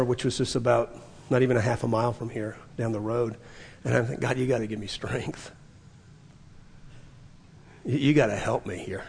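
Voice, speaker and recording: A male pastor preaching a sermon, earnest, dropping to soft whispers and rising to emphatic peaks. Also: mid-range voice, vocal fry, breathy edge, big-room sound.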